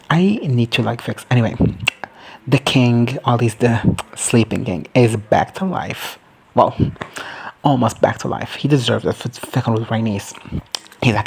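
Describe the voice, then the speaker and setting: Casting note: man with a gravelly, husky voice, campy and foul-mouthed recap commentator. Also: medium pitch. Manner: profane, campy, slips into mocking quoted voices. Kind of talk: casual reaction recap.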